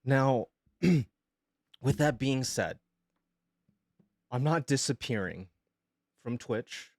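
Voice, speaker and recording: A male streamer, sick with pneumonia, making an emotional announcement in a halting, hesitant way and holding back tears. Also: medium pitch, lively intonation, no echo, studio quality.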